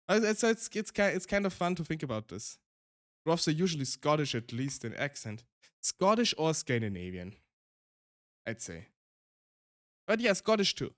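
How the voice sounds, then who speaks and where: A man's voice: fairly high pitch, smooth, dry recording, clean studio sound. A male streamer with a German accent chatting casually, rambling with frequent restarts and laughs.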